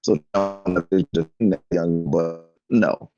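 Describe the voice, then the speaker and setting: A man talking on a sports talk show over a muffled call, speaking haltingly and losing his thread. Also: low-pitched, steady tone, over music.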